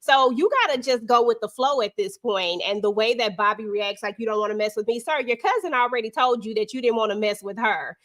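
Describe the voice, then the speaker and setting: A woman's voice: fairly high pitch, a little fast, few pauses. A woman hosting a live panel over a video call, chatting casually and expressively about a TV episode in slangy speech. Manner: slangy, expressive, keeps it real. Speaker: panel host.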